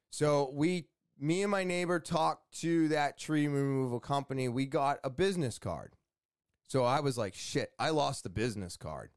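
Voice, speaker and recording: A man chatting to his viewers in a relaxed storytelling way, animating his retelling with quoted back-and-forth. His voice sits a little high for a man and comes through smooth and clear. The recording is dry and close. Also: no room sound. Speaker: homeowner vlogger. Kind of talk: casual storytelling to camera.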